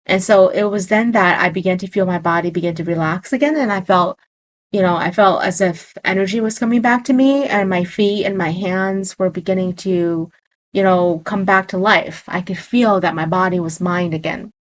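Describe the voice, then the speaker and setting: A woman shaman tells a personal spirit story with earnest, vivid detail. Her voice sits low for a woman. The pace stays steady and conversational. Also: normal speed.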